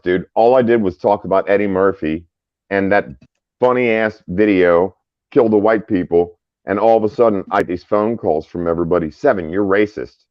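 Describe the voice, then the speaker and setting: A man's voice: on the low side, no room sound. A man in casual group chat who rambles and repeats words as he talks. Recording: dull lo-fi sound.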